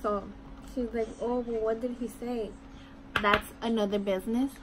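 A woman's voice: a little high, fairly even intonation, normal speed. A young woman telling a rambling story in a casual chat while doing her makeup at home, saying "like" and "I'm like" a lot. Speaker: vlogger. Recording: noisy room ambience.

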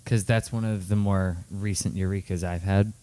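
Male co-host with a lowish voice, reads out a listener note steady and plain, no announcer polish. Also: moderate pace. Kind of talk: reading a listener note aloud.

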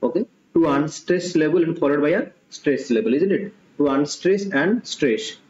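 Man tutoring, slow and repetitive. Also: on the high side, a little mellow. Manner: unhurried, repeats himself, frequent okays and uh's. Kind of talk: live online exam-prep lesson. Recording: dull, roomy, faint hiss.

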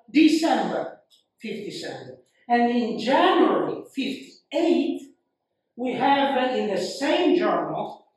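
A man giving a university lecture, slow and halting, with frequent fillers and repeated phrases. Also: extremely high pitch, slight background noise. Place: lecture hall. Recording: very echoey room, mic far off.

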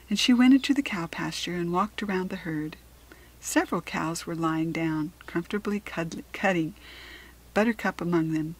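A woman with an American accent reading a children's chapter book aloud at a clear, steady pace. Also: on the low side, normal speed, rough recording. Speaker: storybook reader.

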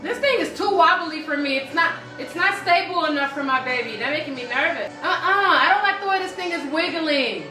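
A woman's voice: sits high, animated, brisk, few pauses, reverberant, music in the background, rough recording. A woman hosting a live reaction video, chatty and exclamatory, singing along now and then.

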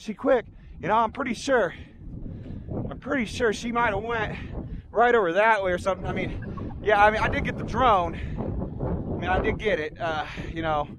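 Breathless, rambling man with a high voice, comic vlog on a handheld camera, faint outdoor hiss. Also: normal speed, long pauses. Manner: breathless, rambling, mock-outraged. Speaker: vlogger. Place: outdoor park trails.

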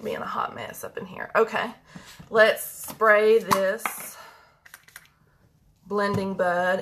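A woman's voice: medium pitch, noisy background. A woman chatting casually with viewers while doing her makeup, joking and folksy, a little congested. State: congested with mucus. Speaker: beauty vlogger and medical practitioner. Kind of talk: casual live makeup chat.

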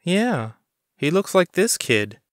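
Man putting on a sly high-voiced woman clerk. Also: very animated, slow pace, dry recording, clean studio sound, full character voice. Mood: conspiratorial. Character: female coffee shop clerk, knowing and conspiratorial.

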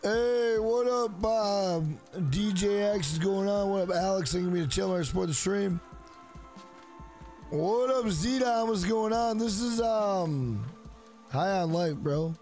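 Laid-back, foul-mouthed male game streamer, slightly high voice, dry close mic with faint game music behind. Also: slow pace, darkish tone. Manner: profane, drawling, tired. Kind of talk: casual live-stream commentary.

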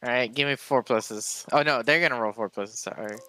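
A man running a tabletop wargame as game master over a voice call, briskly calling for dice rolls. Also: medium pitch, bright, forceful tone.

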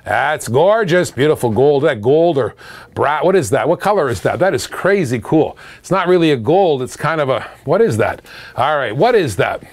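A man's voice: a little high, animated, moderate pace. A middle-aged man from Canada hosting a live auction stream, calling bids, laughing and chatting with viewers.

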